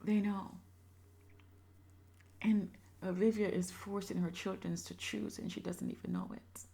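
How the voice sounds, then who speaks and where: Gravelly, impassioned woman vlogger. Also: medium pitch, steady tone, a little slow. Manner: impassioned, moves between loud emphasis and soft whispery asides. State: emotional. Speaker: reaction video creator. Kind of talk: emotional reaction commentary.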